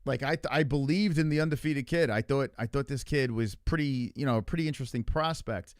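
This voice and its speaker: A male livestream host talks in a loose, rambling way, swearing freely as he reacts to the chat. His voice sits at an ordinary middle pitch. The sound is dry, with no room around it. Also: a little fast, dry recording. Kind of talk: casual profane livestream chat.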